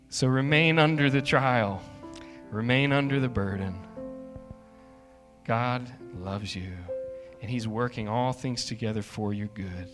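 A male pastor delivering a sermon at a slow, deliberate pace. He speaks earnestly and with emphasis, leaning into key phrases. Soft instrumental music plays faintly behind him. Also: medium pitch, long reverb tail.

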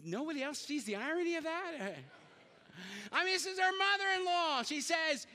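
A middle-aged man preaches to his congregation with an unusually high, bright voice. He is animated, shouting repeated calls to the crowd between joking asides. His voice rings out with a long reverb through a large church hall. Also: normal speed. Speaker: guest preacher. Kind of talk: sermon.

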